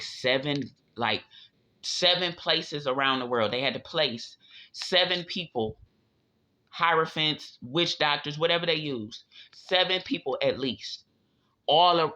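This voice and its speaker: Male tarot reader, forceful and emphatic, casual profane delivery on a muffled recording. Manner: emphatic, profane, drifting pitch. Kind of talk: casual spiritual reading. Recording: dull lo-fi audio.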